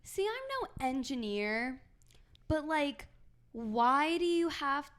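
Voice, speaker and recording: Young american woman cracking jokes on a podcast, pretty high voice. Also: big pitch swings, fairly bright tone. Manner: quick reactions, jokey asides. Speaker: podcast co-host. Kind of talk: casual chat.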